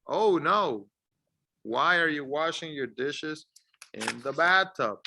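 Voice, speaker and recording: Slow, very bright-voiced male teacher. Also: on the high side, expressive. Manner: encouraging, drills words clearly for learners to repeat. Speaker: ESL teacher. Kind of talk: slow, deliberate English lesson.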